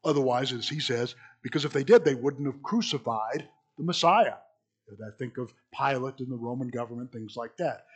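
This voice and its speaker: A man's voice: medium pitch, normal speed, slightly rough. A man preaching a sermon, reading scripture aloud and then explaining it in plain, conversational asides. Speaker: pastor.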